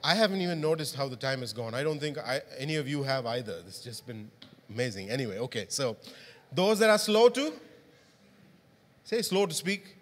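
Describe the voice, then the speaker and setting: A man's voice: mid-range voice, sing-song, fairly quick, a bit bright. A male pastor preaching a sermon, often asking the congregation questions. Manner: interactive, asks the congregation questions. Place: church hall. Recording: long hall reverb.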